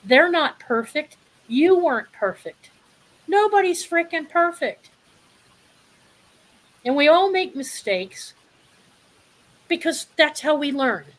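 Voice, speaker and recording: A woman's voice: high voice, very animated, takes it slowly, long pauses. A woman in her sixties speaking bluntly and passionately in a candid live discussion. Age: 60s. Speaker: panel guest.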